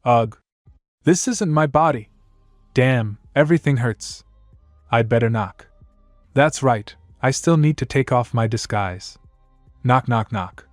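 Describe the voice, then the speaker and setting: A man's voice: mid-range voice, slow, pauses often, dry recording, studio quality, faint music behind. A man narrating a first-person fan fiction story with a wry, complaining inner monologue.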